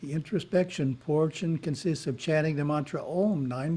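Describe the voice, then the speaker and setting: A man giving a spiritual lesson in a webinar, reading in a measured way with short asides, heard over a video call. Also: fairly high pitch, warm tone, husky. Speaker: spiritual teacher.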